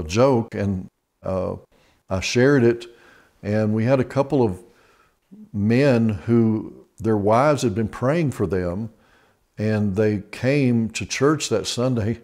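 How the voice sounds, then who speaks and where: A man's voice: on the low side, darkish tone. A male pastor giving a TV sermon in an easygoing, folksy, conversational way. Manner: conversational, with frequent restarts. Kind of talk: TV sermon teaching.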